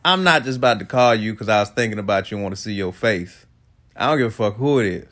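Dude ranting solo, swinging pitch all over, sarcastic and cussing. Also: male voice, fast talker. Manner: animated, laughing, sarcastic asides. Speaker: solo talk host. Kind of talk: casual profane rant.

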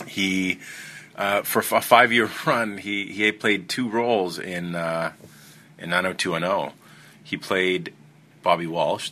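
A man's voice: sits low, pushed and bright, slight background noise. A man hosting a podcast, casually reviewing a film in a rambling, enthusiastic way with many fillers and restarts.

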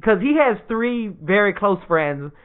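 Animated high-voiced man telling funny stories. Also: measured pace, clean tone. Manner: animated, laughs often, swears a lot. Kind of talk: casual comedic storytelling. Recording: tinny phone-like sound.

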